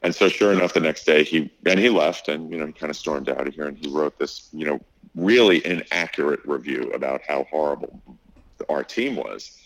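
A man's voice: very deep voice, moderate pace, dry recording, rough recording. A middle-aged man who owns a restaurant, telling a story in a casual interview, acting out what people said, with lots of fillers. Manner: animated storyteller, acts out quotes, many fillers. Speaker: restaurant owner.

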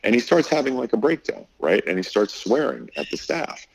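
A middle-aged restaurant owner tells a story in a casual interview, acting out what people said and using lots of fillers. His medium-pitched voice is gravelly and fairly quick, and the poor audio carries slight background noise.

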